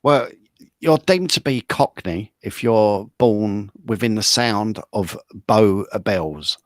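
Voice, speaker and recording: A man's voice: on the low side, expressive, slow pace, no echo. Man explaining slang, dry studio. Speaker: co-host. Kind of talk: casual chat.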